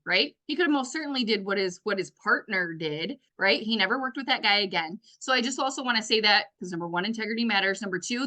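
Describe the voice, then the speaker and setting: Bright and forceful at a medium pitch, this woman leads a team and recaps things for them informally, chatting away with lots of fillers and performing others' quotes.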